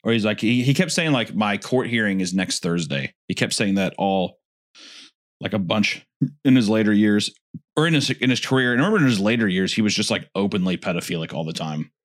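A man's voice: on the low side, a little fast. A man co-hosting a comedy podcast, talking casually, laughing often and stumbling over his words. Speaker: podcast co-host. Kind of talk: crude comedic podcast banter.

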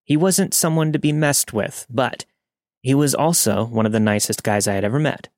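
A man's voice: mid-range voice, normal speed, darkish tone, dry recording. Man narrating a story, dry close sound. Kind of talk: scripted first-person story narration.

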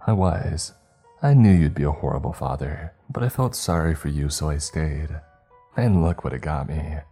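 A man voicing a creature that mimics a young woman's voice, speaking softly and sweetly, then spitefully. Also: extremely low pitch, normal speed, slightly rough, soft background music, full character voice. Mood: cruel.

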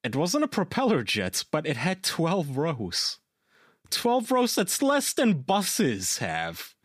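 A man co-hosting a casual podcast, telling animated stories, swearing freely and laughing at his own tales. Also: fairly high pitch, slow, slightly rough, no room sound, studio quality. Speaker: podcast co-host. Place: lives in Germany.

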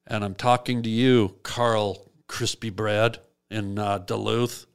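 A man hosting a comic call-in show, telling absurd stories in a deadpan rambling way. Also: lowish voice, slow pace, creaky, clean tone. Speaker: radio call-in host. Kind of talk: comic radio storytelling.

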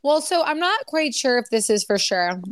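A woman's voice: high-pitched, very animated, moderate pace, no echo, studio quality. A woman in her thirties co-hosting a pop culture podcast, talking in a chatty, rambling way full of fillers. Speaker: podcast co-host. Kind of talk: casual chat.

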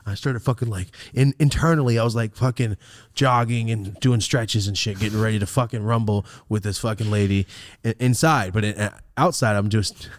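A man's voice: mid-range voice, normal speed, a little mellow, no echo, clean studio sound. A man hosting a podcast, telling a story casually, acting out quotes, swearing and laughing often. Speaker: podcast host.

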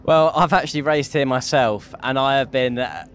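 A young man, a racing driver guest, talking outdoors in a paddock in a rapid, rambling way with many restarts. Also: mid-range voice, fairly bright tone, a little hiss or hum. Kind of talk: casual trackside chat.

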